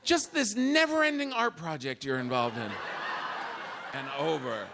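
A middle-aged man performing a live stand-up routine, animated, acting out the voices of his family. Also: fairly high pitch, a little slow, gravelly. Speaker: stand-up comedian. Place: comedy club stage. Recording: live club with audible room noise.

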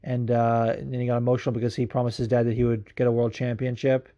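A man hosting a podcast from home, telling stories excitedly and swearing freely in casual chat. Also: medium pitch, fast, dull audio. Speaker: podcast host.

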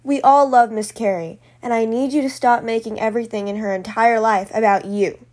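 A woman's voice: on the high side, steady tone, brisk, darkish tone, lightly acted. A stern, controlling man in charge, curt and to the point, as a woman reads him out in a story. The reading stays close to her own voice. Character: controlling older man, a boss.

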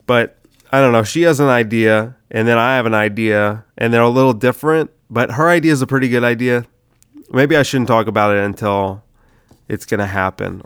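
A man's voice: medium pitch, clean tone, dry recording, clean studio sound. A sick man hosting his comedy podcast, rambling loosely with swearing and lots of "dude". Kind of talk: casual rambling monologue.

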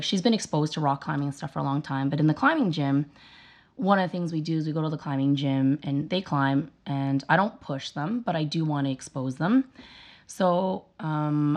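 A woman with a notably low voice talks in a casual interview. She tells stories earnestly and with emphasis, in a conversational flow. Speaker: guest, parent sharing her views.

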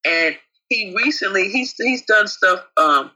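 Husky bright-voiced man chatting casually. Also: sits high, expressive, a little slow, low-quality recording. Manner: chatty, calls co-host babe. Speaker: co-host. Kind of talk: casual chat.

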